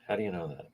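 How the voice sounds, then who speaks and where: A livestream host with a deep, dark, husky voice talks heatedly and indignantly to his viewers. He greets them by name as he goes.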